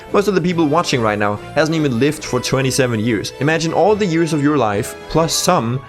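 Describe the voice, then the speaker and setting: A young man giving a casual movie review, blunt and sweary, with sarcastic asides. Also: mid-range voice.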